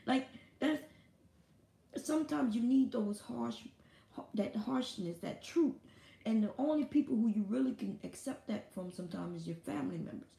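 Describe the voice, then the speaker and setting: A woman's voice: on the high side, animated, normal speed, vocal fry, dark tone, reverberant. A woman hosting a live stream, talking in a casual, blunt and profane monologue.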